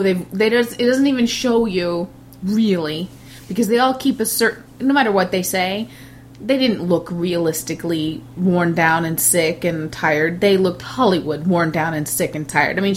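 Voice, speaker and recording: A woman's voice: lowish voice, normal speed, a little hiss or hum. A woman co-hosting a casual movie review chat, talking freely and laughing often. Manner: chatty, laughs often, animated when amused. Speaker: movie review podcast co-host.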